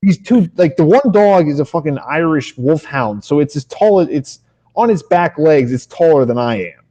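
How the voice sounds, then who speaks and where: A man's voice: on the high side, animated, moderate pace, dark tone. A man co-hosting a podcast in casual chat, telling rambling stories with lots of swearing and restarts. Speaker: podcast co-host.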